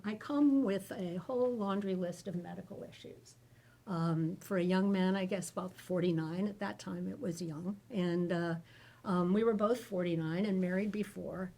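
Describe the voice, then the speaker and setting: Speaking in a warm, low-leaning voice, this middle-aged panelist from the United States tells a personal caregiving story at a public event. She's candid and works jokes into her account.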